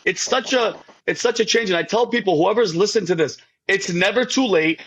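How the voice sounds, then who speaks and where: Husky, high-voiced man giving heartfelt testimony. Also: brisk, fairly bright tone, poor audio. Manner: rambling, stammering restarts, keeps addressing the host by name. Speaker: podcast guest. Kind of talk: emotional faith testimony in casual talk.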